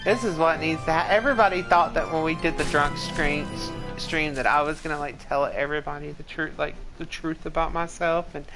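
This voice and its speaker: A woman's voice: low voice, a little fast, few pauses, music in the background, poor audio. A woman in her forties telling rambling stories to a live chat as a game streamer. She laughs often mid-sentence and leans heavily on "like". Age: 40s. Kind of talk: casual storytelling to a live chat.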